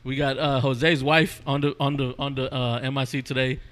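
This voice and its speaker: Bright-voiced laughing podcast host, man. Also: mid-range voice, little pitch movement, moderate pace. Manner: laughing, teasing, playing sound drops. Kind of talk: casual group chat.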